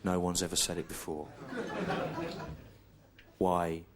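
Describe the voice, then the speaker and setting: A middle-aged English man doing a deadpan stand-up routine, telling a slow, repetitive story on a theatre stage. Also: low-pitched. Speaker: stand-up comedian. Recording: clear audience noise behind. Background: audience laughter.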